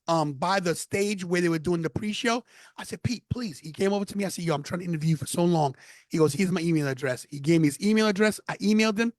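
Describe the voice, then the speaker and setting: Man from new york, podcast guest, high voice, dry close sound. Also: no echo. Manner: animated storyteller. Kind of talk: casual interview.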